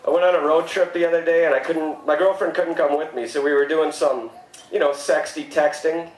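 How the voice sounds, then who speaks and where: A man in his thirties doing a stand-up comedy set, with deadpan one-liners and sudden mock-shocked outbursts. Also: on the high side, fairly quick, echoey room, a little hiss or hum, poor audio. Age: 30s. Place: comedy club stage.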